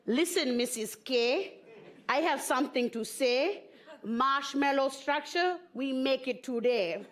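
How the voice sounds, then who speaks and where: A determined middle-aged mother who hammers her point home by repeating the same short phrases in a chanting rhythm, as a woman acts her out. The voice sits high and lifts higher on each demand. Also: takes it slowly. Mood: insistent. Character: insistent middle-aged mother, stubborn and repetitive.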